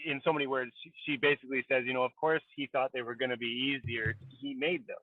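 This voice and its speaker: A man's voice: medium pitch, little pitch movement, fast, dry recording. A man co-hosting a podcast in casual chat, thinking aloud with many restarts. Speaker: podcast co-host. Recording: tinny phone-like line, dry.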